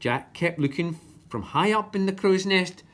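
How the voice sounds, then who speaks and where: Woman, storybook reading, low voice, very animated. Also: measured pace. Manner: lively expressive narration. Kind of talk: reading a children's story aloud.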